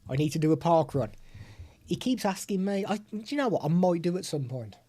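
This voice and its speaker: A man's voice: sits high, animated, a little fast, mellow. A man chatting casually while demoing audio gear on a desk mic. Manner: chatty, hands-on explaining. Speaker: tech reviewer. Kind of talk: product demo vlog. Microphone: desktop USB/XLR microphone.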